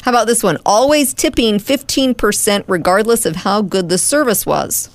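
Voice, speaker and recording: A woman's voice: medium pitch, moderate pace, no echo. A woman co-hosting a radio show, chatting in an opinionated way and laughing with her co-host. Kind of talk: bantering radio show talk.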